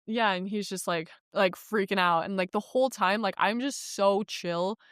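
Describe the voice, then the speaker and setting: A woman's voice: mid-range voice, normal speed, clear, resonant tone, no echo. Casting: young woman vlogger, loose rambling storyteller, salty language, dry close sound. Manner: rambling, heavy use of "like", frequent swearing; animated retelling with acted quotes. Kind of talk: casual storytelling.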